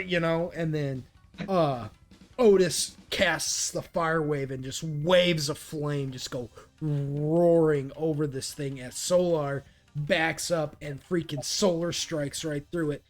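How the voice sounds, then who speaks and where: A man's voice: a little high, steady tone, soft background music. Laid-back man running a tabletop game. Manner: laid-back, halting with many fillers. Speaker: game master.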